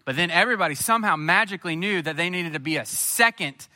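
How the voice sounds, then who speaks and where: A man from Missouri preaching a sermon, telling a personal story and then building to an emphatic, lively appeal. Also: a little high, quick pace. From Missouri, USA. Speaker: pastor.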